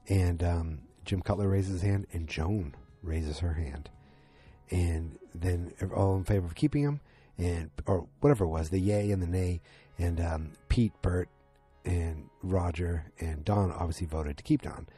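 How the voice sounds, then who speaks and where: Male recapper, low pitched, loose rambling delivery, raspy. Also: a little slow, dark tone, faint music behind. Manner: rambling, many fillers and restarts, acts out quotes. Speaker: TV episode recapper. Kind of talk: casual spoken recap.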